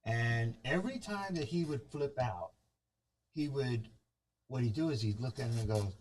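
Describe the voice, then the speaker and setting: A man's voice: mid-range voice, lively intonation, moderate pace, a little mellow, recorded from a distance. A man on a movie review talk show, retelling a film's story in casual chat and acting out the scenes.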